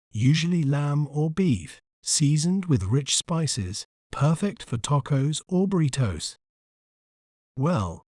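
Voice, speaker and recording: A man narrating a scripted pronunciation lesson with careful, deliberate enunciation. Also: medium pitch, a little mellow, no room sound, studio quality. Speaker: pronunciation teacher.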